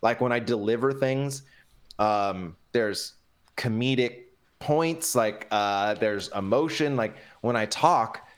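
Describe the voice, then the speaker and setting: Man, podcast guest, loose and expressive, lots of "like" and "um", mid-pitched. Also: takes it slowly, clear, resonant tone. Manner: animated, inflected delivery with many fillers. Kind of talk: casual podcast chat.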